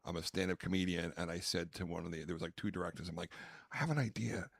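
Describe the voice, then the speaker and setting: A man with a very low voice tells stories in casual podcast chat, animated and quick to restart his sentences. The sound is dry and close, with no room echo. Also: gravelly. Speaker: stand-up comedian and podcast co-host.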